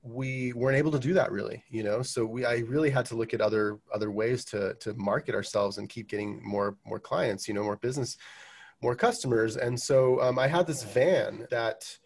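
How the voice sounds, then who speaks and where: A man's voice: mid-range voice, gravelly, breathy edge. A man in his thirties, a roofing business owner, talking as a guest in a casual podcast interview, full of restarts and fillers. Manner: halting, many restarts and fillers.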